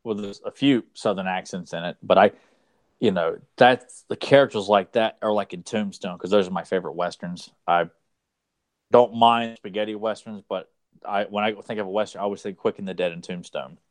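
A man's voice: lowish voice, brisk, dry recording. A man co-hosting a podcast, chatting casually and enthusiastically about an old cartoon in a rambling way. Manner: enthusiastic, rambling fan talk. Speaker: podcast co-host.

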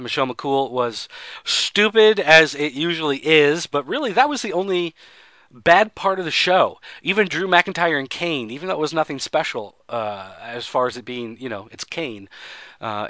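A man hosting a podcast, rambling through a relaxed, conversational wrestling recap. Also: medium pitch, no room sound. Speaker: podcast host. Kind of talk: casual chat recapping wrestling.

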